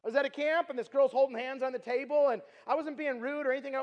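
A middle-aged man with a very high voice preaches in an earnest storytelling sermon. He repeats his points and swings between loud urging and a hushed tone. The long reverb of a large hall trails his words. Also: expressive, very fast, dull audio. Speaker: youth speaker.

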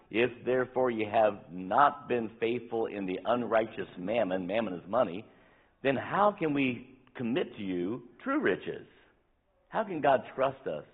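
A man's voice: lowish voice, creaky, husky. A middle-aged man preaching a sermon as pastor, candid and conversational, acting out little quoted asides to make his points. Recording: tinny phone-like sound.

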